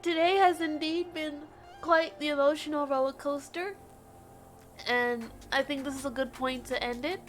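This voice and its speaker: A woman livestreaming a game, tearful and emotional, exclaiming and swearing at the story before a soft sign-off, on a desk mic. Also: high-pitched. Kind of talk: live game stream reaction.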